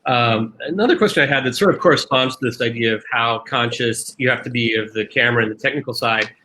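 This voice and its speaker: A man with a bright, forward voice moderates a festival panel on acting. He poses questions in a measured, thoughtful way. His phrasing is steady and deliberate. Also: medium pitch, a little hiss or hum. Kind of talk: panel discussion.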